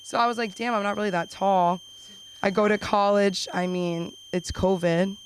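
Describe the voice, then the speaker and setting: A woman's voice: mid-range voice, fairly even intonation, a little hiss or hum, poor audio. Rambling woman doing stand-up. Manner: rambling, self-deprecating, rapid asides. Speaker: open mic comedian. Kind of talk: stand-up comedy set. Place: small comedy club.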